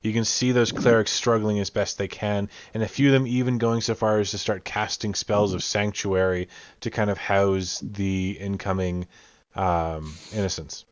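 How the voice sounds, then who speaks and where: A man with a fairly low voice runs a tabletop game as game master. He talks through each scene at length, with plenty of fillers. The sound is dull and lo-fi, and very dry. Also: fairly even intonation, moderate pace, no echo. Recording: dull lo-fi audio.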